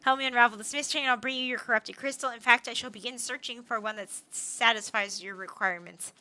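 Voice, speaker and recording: A scheming quest-giver lays out a deal in stiff, old-fashioned phrasing, as a woman reads the part. The voice is fairly high and very bright. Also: fairly even intonation, quick pace, a little hiss or hum, rough recording. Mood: formal. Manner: formal, old-fashioned speech.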